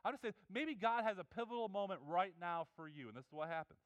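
A man's voice: sits high, animated, fast, fairly bright tone, smooth, no echo. A man preaching a conversational sermon, earnest and personal, often restarting his words. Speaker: pastor.

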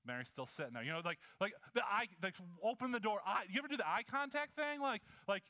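A man preaching a sermon in a conversational, animated way, acting out the scenes he describes. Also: high voice, fast talker, few pauses. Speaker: pastor.

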